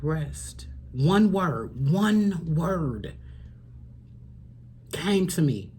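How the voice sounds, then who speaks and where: A woman giving a spiritual tarot reading to camera, earnest and preachy. She repeats phrases for emphasis and sometimes drops to a soft near-whisper. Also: low voice, lively intonation, extremely slow, a little hiss or hum. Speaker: tarot reader.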